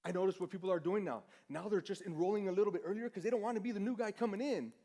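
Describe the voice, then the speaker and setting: A man's voice: high voice, racing, dark tone. A man preaching a sermon in a casual storytelling way, self-deprecating and acting out the dialogue. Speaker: pastor.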